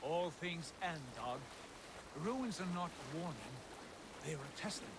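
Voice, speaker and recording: A man's voice: on the high side, lively intonation, measured pace, heavy background noise. A man voicing a proud Norse jarl in a video game, speaking in a solemn, commanding way. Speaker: game character. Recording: game audio over loud music. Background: game music.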